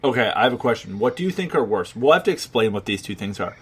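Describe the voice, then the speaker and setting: Podcast co-host, male, mid pitch, loose rambling delivery full of fillers and swearing. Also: animated, quick pace, slightly rough. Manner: rambling, heavy on filler words, profane. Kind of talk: casual chat.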